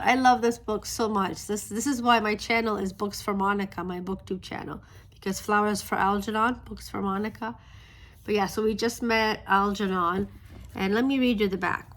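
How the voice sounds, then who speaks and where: A woman, a book vlogger, gushing softly about a favorite novel while talking into a phone camera outdoors on a street. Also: mid-range voice, steady tone, moderate pace. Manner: gushing, soft-spoken, restarts often. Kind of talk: casual vlog chat. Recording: faint street traffic noise.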